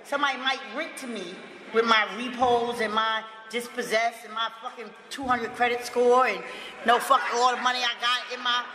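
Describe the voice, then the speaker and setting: A woman giving a personal recovery testimony, emphatic and profane, breaking into loud outbursts and laughter. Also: a little high, steady tone, moderate pace, a little hiss or hum. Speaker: recovery speaker. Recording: echoey hall with long reverb.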